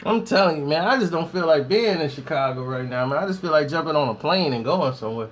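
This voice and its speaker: A man's voice: a little high, animated, fast talker. A man ranting casually to the camera with slangy talk, telling funny stories and laughing often. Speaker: vlogger. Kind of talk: casual comedic rant to camera.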